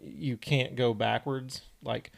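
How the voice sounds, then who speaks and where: A man's voice: medium pitch, fairly even intonation, slow, vocal fry. A young man co-hosting a podcast, telling a story in a laid-back, easygoing way. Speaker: podcast co-host. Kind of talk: casual storytelling chat.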